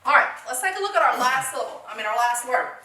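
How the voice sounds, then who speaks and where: A woman's voice: high voice, expressive, fast talker, bright, forceful tone, reverberant, distant mic, a little hiss or hum. A woman teaching a phonics lesson to young children, encouraging them, asking questions and answering them herself.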